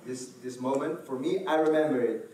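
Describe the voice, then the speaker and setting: A man from the Netherlands, telling a lively personal story to an audience and acting out the scenes. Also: medium pitch, normal speed, slight background noise. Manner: animated, acts out scenes, fillers and restarts. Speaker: speaker. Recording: echoey hall from far off, faint ambience.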